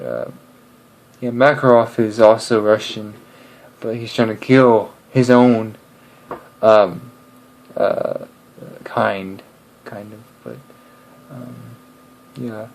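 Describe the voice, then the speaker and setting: Young man, casual vlog chat, slow pace, rambling, hesitant, many fillers. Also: medium pitch, fairly even intonation, low-quality recording. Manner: rambling and hesitant, full of ums and restarts. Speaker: video creator.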